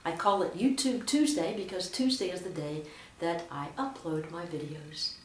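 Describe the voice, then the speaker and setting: This lector trainer has a lowish voice and talks at a normal speed, teaching church readers how to read aloud. Her delivery is strongly emphatic, with expressively read examples, and the distant mic picks up a roomy echo.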